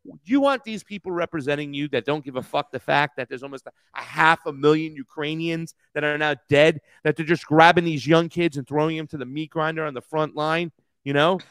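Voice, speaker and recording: High-voiced ranting male co-host. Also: a little fast, a bit bright, clear, resonant tone, dry recording. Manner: heated, profane ranting. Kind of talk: casual political talk show.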